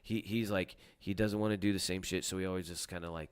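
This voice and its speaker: A man's voice: low-pitched, quick pace, clean tone. A man co-hosting a casual chat show, telling stories with lots of swearing and acting out the people in them. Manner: animated storyteller, swears a lot, acts out quotes loudly. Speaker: podcast co-host, comedian.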